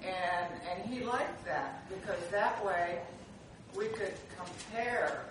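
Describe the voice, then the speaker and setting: A class member slowly recalling past church experience in a relaxed way. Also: mid-range voice. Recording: distant, echoey room with noise.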